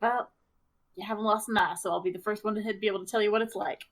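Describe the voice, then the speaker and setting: A woman's voice: medium pitch, fairly even intonation, quick pace, a bit bright. A woman player in a tabletop game who talks casually and restarts as she describes her character. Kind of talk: tabletop roleplay banter.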